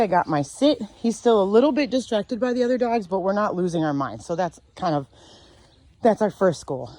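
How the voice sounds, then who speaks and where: A woman dog trainer teaching outdoors, calm and sure as she explains leash handling. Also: mid-range voice, a little fast, slight background noise. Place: outdoors near a fenced dog area.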